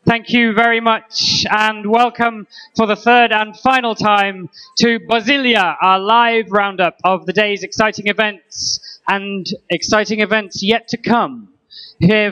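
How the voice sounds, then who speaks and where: A man co-hosting a live conference roundup, joking in a deadpan way. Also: high voice, a little slow, low-quality recording. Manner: playful, deadpan jokes. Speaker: co-host.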